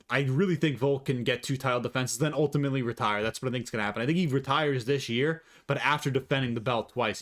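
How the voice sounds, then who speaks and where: A man talking casually and profanely through his predictions, rambling and opinionated, on a desk mic. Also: medium pitch. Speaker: MMA commentator vlogger.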